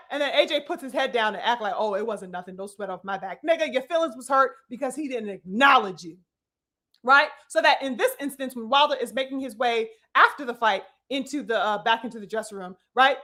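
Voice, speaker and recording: Bright high-voiced woman ranting about boxing. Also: brisk. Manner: animated, profane, addresses viewers as brothers and sisters. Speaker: boxing commentator. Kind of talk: live-stream commentary.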